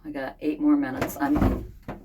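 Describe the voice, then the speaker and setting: A woman in her fifties, unwell and frustrated, talking in a rambling, weary way with many pauses in a casual diary vlog from a home sauna. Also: low voice, little pitch movement, noisy background. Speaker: vlogger.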